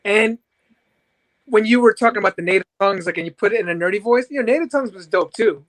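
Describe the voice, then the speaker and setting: A man with a noticeably high voice chatting on a podcast. He gropes for words as he goes, filling his sentences with "like" and "you know.". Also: quick pace. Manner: searching, full of fillers like "like" and "you know". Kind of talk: casual chat.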